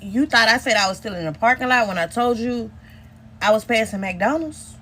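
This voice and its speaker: A woman's voice: on the high side, animated, moderate pace, bright, forceful tone. A woman telling a heated, profane story to her viewers in a storytime vlog, recorded on a phone.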